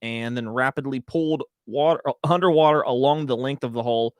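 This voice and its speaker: Brief: male podcast co-host, mid pitch, joking, reads facts steadily, dry close mic. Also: fairly quick, dry recording. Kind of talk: casual chat and reading facts aloud.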